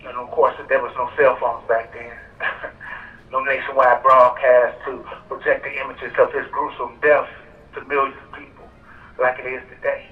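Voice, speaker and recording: Male prison caller, measured speech, muffled phone line over outdoor speakers. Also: medium pitch, flat delivery, echoey room, far from the mic. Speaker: death row prisoner calling into a rally. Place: prison phone relayed to an outdoor park rally.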